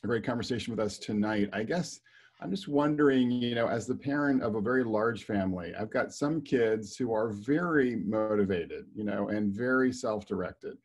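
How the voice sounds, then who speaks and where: A man's voice: fairly low pitch, moderate pace, darkish tone, slightly rough. A man on a video call asking the guest a long question, thoughtful and rambling, with many fillers. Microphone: video call microphone.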